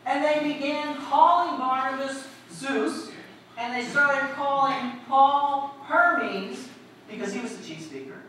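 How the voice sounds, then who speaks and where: A woman preacher giving a lively storytelling sermon, asking the congregation questions as she goes. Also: high-pitched, slow. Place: church. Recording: echoey hall, distant mic, faint noise.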